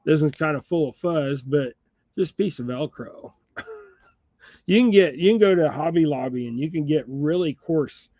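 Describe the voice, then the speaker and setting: A man's voice: on the high side, moderate pace, mellow, no echo. A man hosting a casual jig-tying chat at his bench indoors, rambling and laid-back, laughing often. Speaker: fly and jig tier, channel host. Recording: dull lo-fi dry sound.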